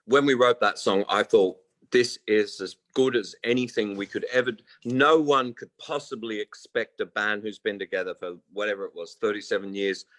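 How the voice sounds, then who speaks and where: A man's voice: lowish voice, moderate pace, hardly any pauses, fairly bright tone, dry recording, rough recording. A man in his sixties, a guest musician telling long stories in casual interview chat and acting out the people he quotes. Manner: rambling storyteller who acts out quoted voices. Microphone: remote call.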